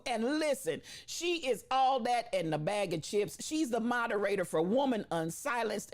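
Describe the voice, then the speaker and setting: A woman hosting a live stream, chatting casually, laughing often and calling her viewers baby and sister. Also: medium pitch. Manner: emphatic, repeats phrases for effect.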